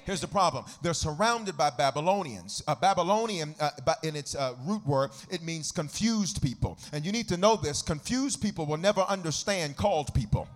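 A man preaching a sermon as pastor, swinging from quiet teaching into sung, shouted whooping. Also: lively intonation, normal speed, hardly any pauses. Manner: whooping preacher rising into sung shouts, then dropping low.

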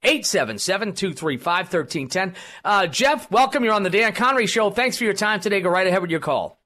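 A man's voice: high-pitched, lively intonation, a little fast, pushed and bright. A man hosting a political talk radio show, rambling with many fillers and restarts. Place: radio studio.

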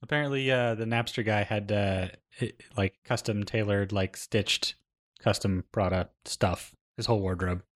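A man co-hosting a podcast in casual chat, tossing out wry, deadpan joking questions. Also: fairly low pitch, normal speed. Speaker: podcast co-host.

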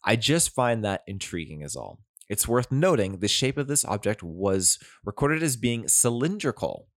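A man's voice: lowish voice, very animated, normal speed, dry recording, clean studio sound. A man hosting an opinionated commentary vlog, talking in a conversational, skeptical way with digressive asides. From Canada. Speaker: commentary channel host.

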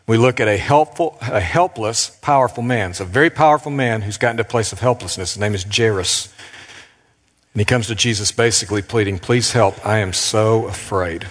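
Deep-voiced pastor preaching in a reverberant hall. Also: male voice. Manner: earnest, slow and emphatic with dramatic pauses. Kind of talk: sermon.

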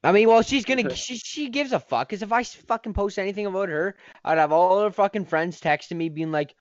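A man's voice: high-pitched, expressive, brisk, hardly any pauses, dry recording, highs cut off. A man hosting a podcast, ranting in a heated, profane, rambling way. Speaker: podcast host. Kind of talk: casual podcast rant.

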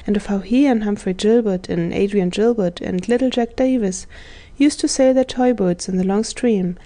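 A woman narrating a children's storybook in a measured, even reading voice. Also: medium pitch. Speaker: audiobook narrator.

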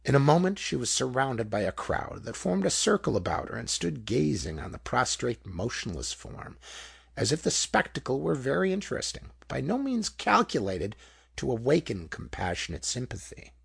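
Male audiobook narrator, dramatic, husky and gravelly, lively delivery. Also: medium pitch, moderate pace, no echo, clean studio sound. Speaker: audiobook reader. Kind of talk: scripted narration.

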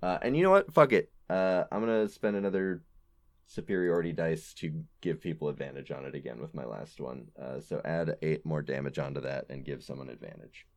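A man's voice: extremely low pitch, fairly quick. A man playing a tabletop game, laughing at himself and swearing freely as he calls his rolls. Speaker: player. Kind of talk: casual tabletop game play.

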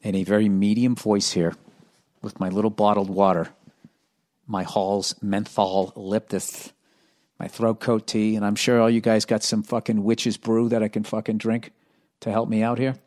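A man with a hoarse, worn-out voice, pitched a little low, rambling through a casual podcast monologue. He keeps the energy low and jokes at his own expense, swearing freely. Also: flat delivery, moderate pace, darkish tone. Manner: low-energy, conversational, swearing, self-mocking. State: hoarse, strained voice. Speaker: podcast host.

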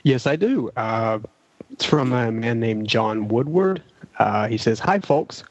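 A man's voice: medium pitch, animated, measured pace. A man co-hosting a podcast, wry and mock-grand in casual chat. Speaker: podcast co-host. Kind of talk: casual podcast chat, reading listener mail.

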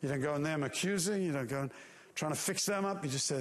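Animated high-voiced male preacher. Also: fast talker, vocal fry, long reverb tail. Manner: animated storytelling with acted-out voices. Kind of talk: sermon.

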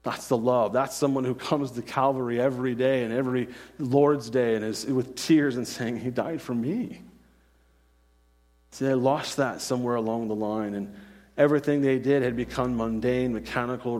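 A man's voice: mid-range voice, fairly even intonation, moderate pace, darkish tone, in a large hall. A man preaching a sermon as pastor, earnest and insistent, often asking "right?" and repeating phrases.

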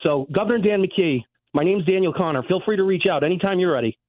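A man's voice: high-pitched, dry recording. A man calls in to a radio show over a thin, phone-like line, his voice dry and close. He speaks earnestly and with strong feeling, stumbling over restarts as he gets emotional. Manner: upset, earnest, halting with restarts. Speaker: caller.

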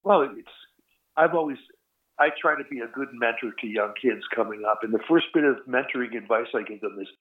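A man's voice: mid-range voice, a little fast. Older man rambling over a phone line. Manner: rambling, anecdotal, laughs at himself. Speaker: guest musician. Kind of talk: casual interview storytelling. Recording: tinny phone-line audio.

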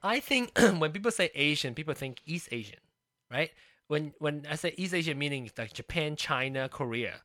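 A podcast co-host chatting casually on a close, dry mic. The voice is bright and sharp. The pitch swings widely as the thoughts ramble and restart. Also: expressive, dry recording. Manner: rambling, halting, full of restarts.

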